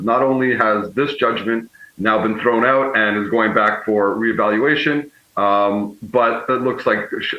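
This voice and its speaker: A man speaking as a political strategist guest, measured and often correcting himself mid-sentence. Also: on the low side. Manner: measured, frequently self-correcting. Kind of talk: remote guest commentary. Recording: echoey, muffled remote feed.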